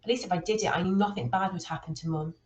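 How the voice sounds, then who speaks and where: A woman reading a children's novel aloud, with steady, expressive storytelling. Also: on the low side, very fast, roomy sound, rough recording. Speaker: reader.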